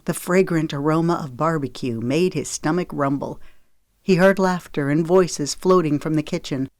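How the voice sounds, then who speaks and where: A woman reads a romance novel aloud with steady, measured storytelling. Her voice sits low, and the close studio mic gives it a dry, roomless sound. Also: no room sound. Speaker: audiobook narrator. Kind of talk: scripted narration.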